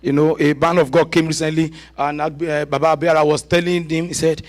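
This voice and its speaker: A man with a Nigerian accent, a guest pastor preaching a sermon in a church with laughter and shouted prayer. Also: fairly high pitch, little pitch movement, fairly quick.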